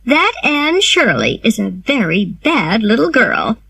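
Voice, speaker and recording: A woman's voice: fairly high pitch, big pitch swings, takes it slowly, creaky, pushed and bright, breathy edge, no room sound, heavily acted. A woman reading a storybook aloud and voicing a cold, unforgiving, disapproving mother.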